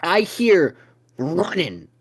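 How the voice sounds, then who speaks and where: Young adult co-host, podcast storyteller; mid-pitched voice that swings widely, heavy profanity, rambling delivery. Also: drawn-out words, husky. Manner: profane, rambling, with sudden excited bursts. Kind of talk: casual storytelling chat.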